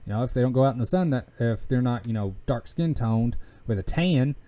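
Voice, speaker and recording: A man's voice: medium pitch, lively intonation, dark tone. A man with a Southern US country accent talking in a casual, rambling way, full of fillers and restarts. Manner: halting, many fillers and restarts. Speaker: podcast host.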